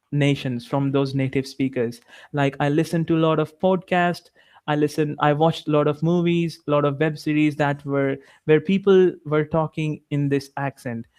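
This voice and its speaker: A man's voice: a little high, a little mellow, clean tone. A young man with an Indian English accent, an English tutor giving an upbeat, encouraging one-on-one lesson over a video call. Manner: encouraging, upbeat, many "like" fillers.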